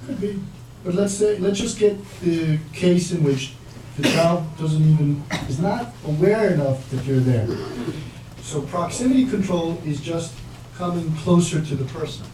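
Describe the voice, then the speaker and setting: A man leading a parenting workshop speaks in a fairly high, mellow voice at a measured pace, animated as he engages his audience. He performs the lines of both parents and children, and the recording is echoey, with the mic at a distance and background noise.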